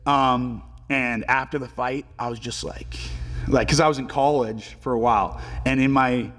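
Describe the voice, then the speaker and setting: A man in his twenties, a pro hockey player telling stories as a podcast guest in a relaxed, filler-heavy way and swearing casually. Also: mid-range voice, moderate pace, big-room sound. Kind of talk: casual storytelling interview.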